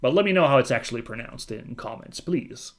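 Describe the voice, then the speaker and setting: A man streaming a story game, reading its narration aloud and breaking into chatty, excited asides. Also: mid-range voice, fairly quick. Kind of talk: reading game text aloud with casual commentary.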